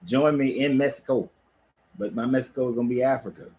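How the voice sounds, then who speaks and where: Livestreaming from his cigar lounge, a man who is also a life coach chats casually and with plenty of profanity. His voice is medium-pitched and quick, the recording low quality with slight hiss or hum, and his storytelling is laid-back yet animated.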